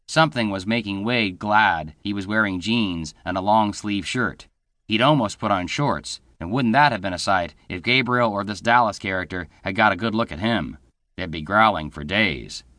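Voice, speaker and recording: A man narrating an audiobook in a steady scripted read, shifting into voices for the dialogue. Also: on the low side, no room sound, studio quality.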